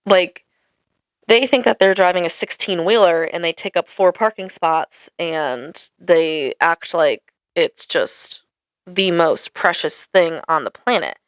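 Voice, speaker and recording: A woman's voice: lowish voice, takes it slowly, smooth, no echo, clean studio sound. A young woman hosting a casual ranting monologue, exasperated and full of "like" fillers. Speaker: podcast host.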